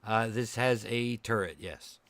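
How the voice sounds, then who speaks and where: A man's voice: lowish voice, a little slow, a bit bright, no room sound, clean studio sound. A man narrating as game master of a tabletop game, loose and chatty, laughing often.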